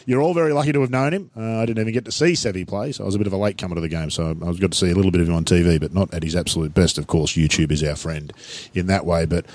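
A man's voice: low voice, rapid-fire, few pauses, a little mellow, no room sound. A man hosting a podcast and chatting casually with his guests. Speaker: podcast host. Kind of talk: casual chat.

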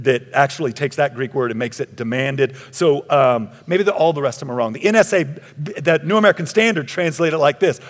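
A man preaching a conference keynote sermon, animated and jokey, acting out scripture scenes in quick asides. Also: medium pitch. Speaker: pastor. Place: large conference hall. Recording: long reverb of a big hall.

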